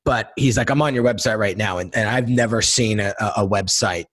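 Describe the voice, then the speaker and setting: A middle-aged man telling his life story in a casual interview, animated, acting out quotes and often repeating words. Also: on the low side, brisk, dry recording. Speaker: guest entrepreneur and designer.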